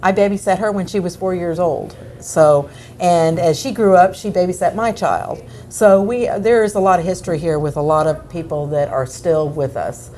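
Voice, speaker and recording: A woman's voice: lowish voice, normal speed, mellow, slight background noise. A woman who runs a restaurant answering interview questions in a plainspoken, friendly way. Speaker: restaurant owner. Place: restaurant, indoors.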